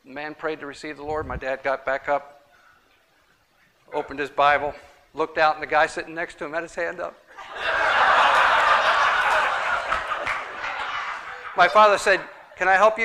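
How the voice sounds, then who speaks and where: A man's voice: fairly high pitch, bright, forceful tone, slight background noise. A man teaching a Bible study class, emphatic and repeating his key points, taking questions from the room.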